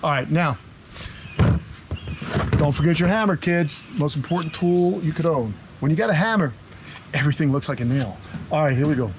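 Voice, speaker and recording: Long island guy cracking jokes while he builds outside, kinda high voice, loud noise all around. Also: normal speed, long pauses. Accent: Long Island New York. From Long Island, New York. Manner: brash, joking, street-talking. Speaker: reptile channel host. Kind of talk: casual building vlog. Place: backyard, outdoors.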